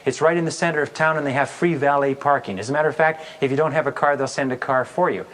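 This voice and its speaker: A man's voice: medium pitch, steady tone, fast, background noise. A man giving a sales seminar, telling stories and acting out the customer's answers with amusement. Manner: storytelling, acts out customer voices. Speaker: sales trainer. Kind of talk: recorded sales seminar talk.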